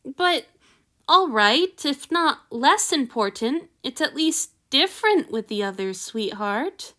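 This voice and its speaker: A woman reading the lines of a gentle, affectionate male god lord in a soft, tender, teasing way. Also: high voice, sing-song, slow, exaggerated voice.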